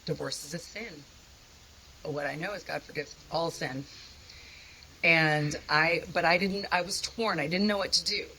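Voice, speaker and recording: A woman's voice: low-pitched, normal speed, pushed and bright, slight background noise, low-quality recording. A woman telling her own story of a hard time in an earnest, conversational, self-deprecating way. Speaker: guest sharing a personal testimony. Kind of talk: candid personal storytelling.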